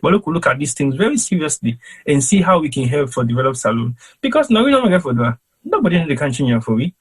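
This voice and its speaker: A man's voice: a little high, big pitch swings, fast talker, slightly rough, rough recording. A Sierra Leonean man with a Krio accent, a panelist on a call-in show, speaking in an emphatic, rhetorical, preaching way. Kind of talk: impassioned panel commentary. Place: cold home in London.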